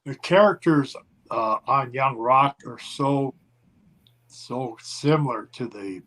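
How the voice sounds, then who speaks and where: A man asking slow, halting questions in a casual interview. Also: mid-range voice, fairly bright tone.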